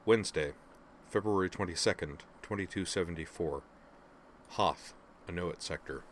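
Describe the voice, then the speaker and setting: A man narrating fiction aloud in a steady, even storytelling manner. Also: low-pitched, normal speed, a little hiss or hum. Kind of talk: audiobook fiction reading.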